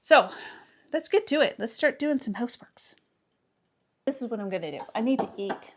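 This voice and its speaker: A woman's voice: on the high side, animated, normal speed. Woman, casual cleaning vlog, rambling, self-mocking, home indoors and yard, camera mic. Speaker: vlogger, housewife. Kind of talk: casual chat while cleaning.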